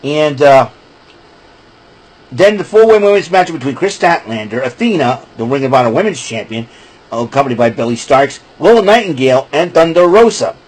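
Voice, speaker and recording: A man's voice: mid-range voice, animated, moderate pace, rough recording. A man hosting a casual wrestling recap show, talking in a rambling, chatty way. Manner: rambling, chatty, breaks into laughing fits.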